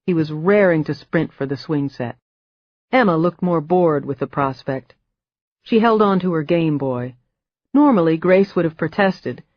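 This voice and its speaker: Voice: mid-range voice, no echo, dull audio. Dry, wry audiobook narrator. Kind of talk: scripted narration.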